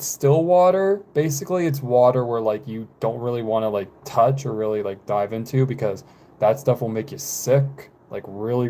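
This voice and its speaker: A man in his twenties, chatting casually on a live stream, rambling with frequent fillers and halting pauses. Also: medium pitch, warm tone. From United States. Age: 20s.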